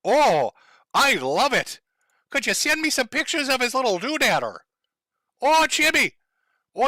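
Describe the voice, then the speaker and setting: A man's voice: very high-pitched, pushed and bright, no room sound, voice pushed up, exaggerated voice. A man putting on the voice of a doting middle-aged mother, cooing in an exaggerated, mocking way.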